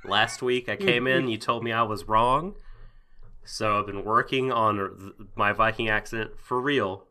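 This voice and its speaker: A man's voice: lowish voice, measured pace, sharp tone. A man hosting a podcast in a jokey, rambling casual chat with lots of fillers. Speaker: podcast host.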